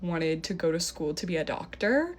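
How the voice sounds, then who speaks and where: A young woman telling a dating story in a casual, animated way, full of "like" fillers. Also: on the low side, moderate pace.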